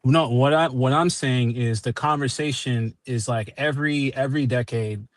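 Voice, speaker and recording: A man's voice: medium pitch, normal speed, dry recording. A man speaking as a guest in a debate, hesitant and defensive, often restarting his sentences.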